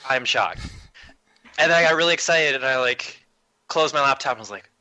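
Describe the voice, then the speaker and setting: A man's voice: on the high side, quick pace, pushed and bright, no echo, lo-fi sound. A man hosting a casual podcast chat, upbeat and jokey, telling loose stories on a close mic. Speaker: podcast host.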